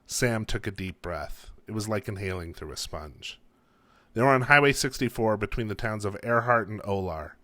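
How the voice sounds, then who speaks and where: Male author reading his story, low voice, calm, dry close sound. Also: moderate pace, no echo. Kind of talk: reading his own fiction aloud.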